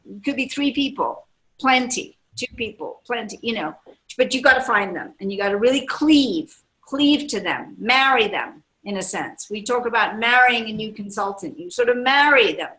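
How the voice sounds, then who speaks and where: A woman's voice: medium pitch, bright, forceful tone, rough recording. A woman in her sixties gives a motivational seminar talk to a live audience as a business leader, enthusiastic and emphatic, often repeating her key phrases. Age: 60s. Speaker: network marketing leader.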